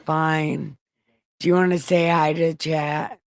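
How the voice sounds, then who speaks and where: A woman hosting a home livestream, retelling scripture with crude, joking profanity. Her voice is gravelly and her delivery unhurried. The sound is dry and close. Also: low voice, level tone, no echo. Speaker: livestream host reading scripture. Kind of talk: casual irreverent scripture reading.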